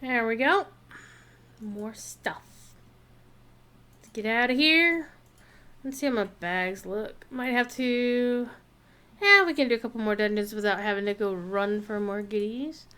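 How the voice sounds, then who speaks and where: A woman's voice: fairly high pitch, measured pace, pauses often, pushed and bright, smooth. A woman streamer chatting casually and wryly while she plays a game, thinking aloud about her next moves. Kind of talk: casual gameplay commentary.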